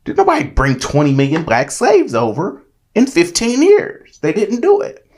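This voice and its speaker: Man, AAVE speech, gravelly voice that rises and falls a lot, preachy and emphatic, monologue to camera. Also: high-pitched. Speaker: author and commentator. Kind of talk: impassioned monologue.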